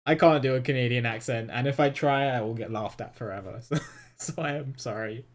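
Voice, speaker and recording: A woman's voice: rumbling low, a little slow, pauses often. A woman streamer chatting casually while she plays a story game, chatty and self-deprecating. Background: game music.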